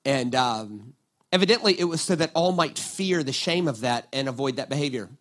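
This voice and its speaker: A man preaching a sermon, telling a Bible story with lively acted-out quotes and frequent "right?" asides to the congregation. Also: medium pitch, moderate pace. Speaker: pastor.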